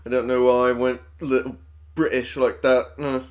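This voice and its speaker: A man's voice: medium pitch, little pitch movement, moderate pace, noisy background. A man giving casual let's play commentary, sarcastic and swearing as he talks back to game characters. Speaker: gamer playing on a channel.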